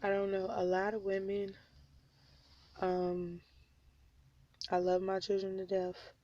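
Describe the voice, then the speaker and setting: Speaking slowly in a monotone, this vlogger, a woman in her 20s born in North Carolina and raised in Oklahoma, wearily describes her troubles. Her throat is a bit sore and she coughs, while her medium-pitched voice sounds warm through a muffled recording.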